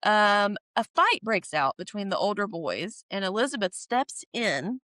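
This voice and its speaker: A woman's voice: medium pitch, very animated, measured pace, sharp tone, no room sound. A woman co-hosting a podcast, recapping a TV show in casual chat, laughing often and acting out characters' lines. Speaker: podcast co-host.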